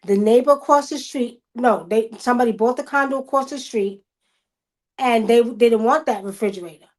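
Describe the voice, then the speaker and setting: A woman, telling stories casually on a video call livestream, animated, loudly acting out the quotes. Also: on the high side, a little fast. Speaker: guest.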